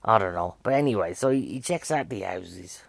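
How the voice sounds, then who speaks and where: A man's voice: deep voice, lively intonation, normal speed, vocal fry, dry recording. Chatty man reviewing a film. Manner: chatty, jokey and rambling. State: a bit out of breath. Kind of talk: casual spoken film review.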